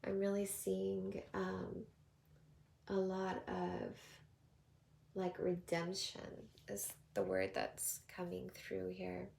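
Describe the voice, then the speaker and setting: A woman with a Southern accent giving a tarot card reading, talking softly and prayerfully, slipping into whispers. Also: lowish voice, vocal fry, slight background noise. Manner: slow, soft, prayerful delivery with drifting whispers. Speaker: tarot reader.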